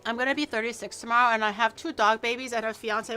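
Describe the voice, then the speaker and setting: A woman's voice: a little high, steady tone, quick pace, bright, forceful tone, clear, resonant tone, faint music behind. A woman in her early twenties with a Canadian accent, chatting casually and teasingly with viewers on a livestream, with lots of fillers. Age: early 20s. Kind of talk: casual chat reacting to viewers.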